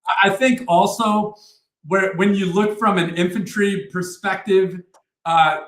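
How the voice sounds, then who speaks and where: A man in his forties, a retired army first sergeant, telling war stories as a podcast guest in a profane, animated way. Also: high voice, measured pace. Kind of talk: casual war storytelling. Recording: roomy echo.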